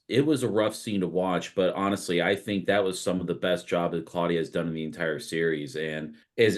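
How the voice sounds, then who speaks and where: A man co-hosting a podcast, giving his thoughts in an earnest, steady casual chat. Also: deep voice. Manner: earnest, thoughtful, speaks at length. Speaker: podcast co-host.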